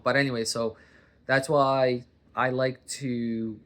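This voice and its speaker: A man's voice: medium pitch, little pitch movement, takes it slowly, a bit bright. A man from Boston talking to camera at home in a rambling, self-interrupting monologue, recorded on his coffee table. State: warm under a sweater, hat and blanket. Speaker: vlogger.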